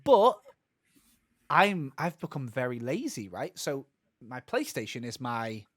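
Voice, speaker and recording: A man's voice: mid-range voice, very animated, a little slow, dry recording, studio quality. A man co-hosting a gaming podcast, talking casually and rambling with lots of restarts and asides. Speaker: podcast co-host. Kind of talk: casual chat.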